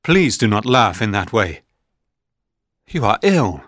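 Male reader doing a loyal young friend, gentle and worried, slow and low, dry audiobook sound. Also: sing-song, no room sound, full character voice. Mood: concerned. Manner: gentle, concerned.

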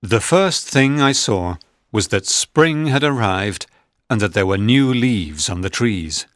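Male storybook narrator, measured and plain, low pitch, dry close audio. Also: expressive, no echo.

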